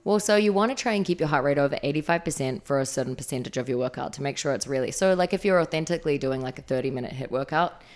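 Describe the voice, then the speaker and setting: Low-voiced chatty New woman. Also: rapid-fire, few pauses. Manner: chatty, enthusiastic, lots of "like" fillers. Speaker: fitness trainer. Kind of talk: casual interview storytelling.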